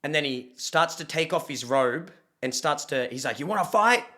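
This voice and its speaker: A young man streaming, reacting to videos and telling a story in casual chat, animated and swearing freely. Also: mid-range voice, moderate pace.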